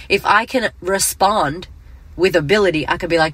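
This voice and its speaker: A woman's voice: fairly low pitch, normal speed, fairly bright tone, breathy edge, no room sound. A middle-aged woman hosting a motivational podcast, talking bluntly and emphatically, with frequent swearing. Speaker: podcast host.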